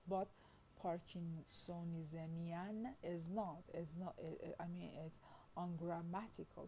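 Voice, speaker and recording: A woman's voice: on the low side, warm tone, a little hiss or hum, low-quality recording. A woman giving a linguistics lecture, reading from slides at a careful pace and often adding "I mean" and "you see" as she explains. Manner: reads slowly, repeats "I mean" and "you see", stretches out example words.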